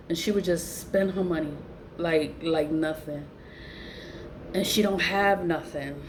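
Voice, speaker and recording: A woman telling a story in a casual, profane rant, laughing often and swinging her voice up high for emphasis. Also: unhurried, a little hiss or hum. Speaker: vlogger who sells spiritual goods online.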